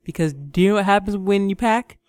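A woman co-hosting a podcast in casual chat, bubbly and excitable, laughing often and bossing her co-host. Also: mid-range voice, brisk, no echo.

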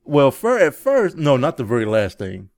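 A man co-hosting a casual podcast chat about movies, animated and chuckling often. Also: moderate pace. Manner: animated, chuckling, jumps into high mimicking yells. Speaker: podcast co-host.

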